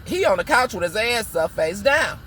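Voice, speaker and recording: Man from Michigan, high voice, flamboyant vlog rant, dramatic emphasis, recorded in a car. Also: big pitch swings, bright, forceful tone, a little hiss or hum. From Muskegon, Michigan. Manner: sassy, dramatic, drawn-out emphasis. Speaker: vlogger. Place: car, in a parked or moving vehicle.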